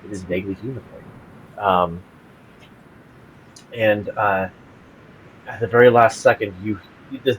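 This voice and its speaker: Lage mannenstem, aarzelend vertellend. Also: male voice, fairly low pitch, a little hiss or hum, poor audio. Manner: halting, many fillers and restarts. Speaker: game master. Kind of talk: narrating a tabletop game.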